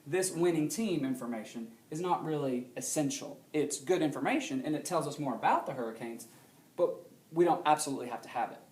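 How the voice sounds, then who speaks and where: A male teacher giving a recorded grammar lesson in a classroom, explaining steadily and often checking understanding with a quick question. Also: on the high side, expressive, a little mellow, echoey room.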